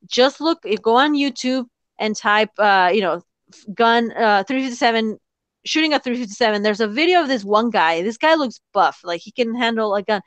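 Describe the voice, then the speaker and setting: A woman's voice: a little high, animated, normal speed, dry recording. A woman hosting a casual podcast chat, ranting with lots of swearing and laughter. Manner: ranting, profane, laughs often. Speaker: podcast host.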